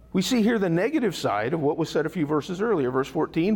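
A man with a slightly high, gravelly and husky voice preaches a Bible study. He talks conversationally and keeps checking in with rhetorical questions. The sound rings with a long hall reverb. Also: big pitch swings, brisk, hardly any pauses, a little mellow. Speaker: pastor.

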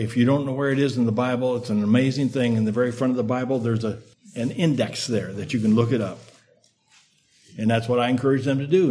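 An older man preaching a sermon in an earnest, measured way, with a slight lisp from a sore tongue and emphatic repetition. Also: mid-range voice, darkish tone.

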